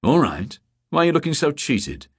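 A man's voice: fairly high pitch, very animated, moderate pace, husky, dry recording, studio quality, voice pushed up, heavily acted. A man reading a story voices a weary middle-aged detective, terse and clipped.

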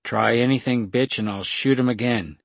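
A man's voice: lowish voice, moderate pace, fairly bright tone, slightly rough, no room sound, full character voice. A man reading the part of a cold, surly male gunman who growls threats, in a story reading. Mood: threatening. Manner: growling, dismissive.

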